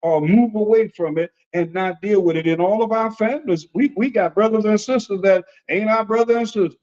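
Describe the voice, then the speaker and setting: A man preaching conversationally as an apostle, folksy and animated, often repeating phrases and acting out the voices he quotes. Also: sits high, a little fast, muffled recording. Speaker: apostle and preacher leading a discussion.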